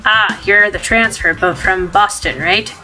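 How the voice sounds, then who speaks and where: Brisk male police captain for a detective game, read by a woman, clear music bed. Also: medium pitch, bright, forceful tone. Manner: gruff put-on voice she keeps dropping.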